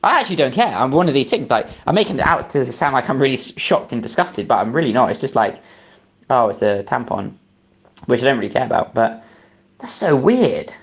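A British man calmly telling a personal story in a measured, mature way, in a played clip. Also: mid-range voice, lo-fi sound. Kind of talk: casual storytelling.

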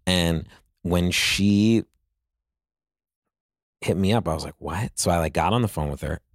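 A man's voice: low voice, a little slow, dry recording, clean studio sound. A man, a guest on an interview show, telling casual stories in a rambling way full of "like" fillers.

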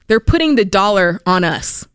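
Female co-host, mid-range voice, dry studio sound, expressive and emphatic in casual chat. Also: medium pitch, normal speed, clean tone, no echo. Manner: expressive, laughs easily, emphatic. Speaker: co-host of a call-in money show.

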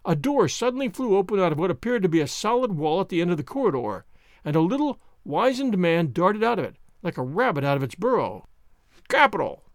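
A man narrating a classic detective story in a measured, expressive audiobook reading. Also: high voice, no echo, studio quality.

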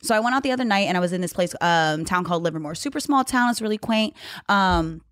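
A woman's voice: fairly low pitch, quick pace, no echo. Brash woman telling a story, dry sound. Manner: brash, animated storytelling with profanity. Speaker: podcast co-host. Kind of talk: casual storytelling chat.

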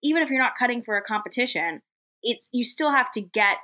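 A woman's voice: on the high side, lively intonation, fast, sharp tone. Young woman co-host, rambling and playful, casual podcast chat. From Los Angeles, California. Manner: chatty, joking, many likes and restarts. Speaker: co-host, manager and athlete.

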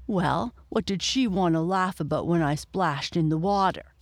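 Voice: medium pitch, normal speed, no echo, close to an everyday voice. A storyteller voicing an angry, bullying big boy hippo who growls his threats. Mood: growling. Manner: growling, grunting.

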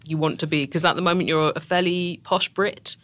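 A woman's voice: on the low side, steady tone, a little fast, fairly bright tone. A woman, a guest on a podcast, chatting in a dry, teasing way. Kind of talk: casual chat.

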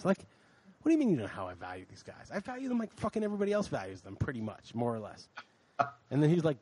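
A man's voice: medium pitch, fast talker, no echo. A man co-hosting a podcast, ranting in casual chat with lots of swearing, tired late at night. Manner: ranting, profane, animated. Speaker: podcast co-host.

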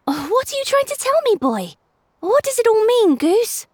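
A woman voicing a curious, excitable young boy in a kids' storybook podcast, with high, wide-eyed exclamations. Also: normal speed, no room sound, studio quality. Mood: puzzled.

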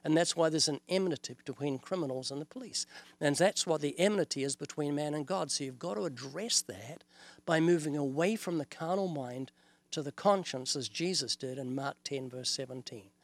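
An older evangelist with a New Zealand accent speaks earnestly on an interview show. His voice sits somewhat high for a man. He often slips into quoted dialogue to make his points. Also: moderate pace. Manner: earnest, illustrative, quotes scripture and acts out dialogues. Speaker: evangelist guest. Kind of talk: preaching in an interview.

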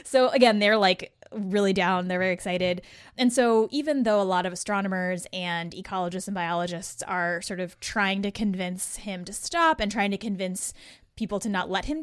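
Telling a story as a podcast guest host, a woman laughs and acts out each person's voice in a lively, casual chat. Her voice is mid-range, captured as clean studio sound without any room sound.

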